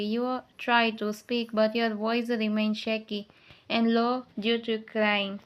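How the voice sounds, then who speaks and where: A woman reads a fanfiction story aloud, addressing the listener as the heroine. Her voice is slightly high and she reads plainly and evenly, pausing now and then. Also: level tone, smooth. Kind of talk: second-person fanfiction narration.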